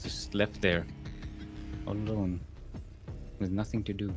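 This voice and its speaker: A man hosting and casting an esports tournament in a playful, rambling way, with booming ring-announcer introductions. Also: fairly even intonation, unhurried, long pauses, faint music behind. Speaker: tournament host and caster.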